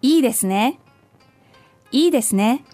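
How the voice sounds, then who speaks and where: Higher-voiced woman. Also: expressive, warm tone, dry recording, faint music behind. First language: Japanese. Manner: careful, repeats phrases slowly for learners. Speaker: podcast co-host and native-speaker model. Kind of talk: modeling phrases and answering questions.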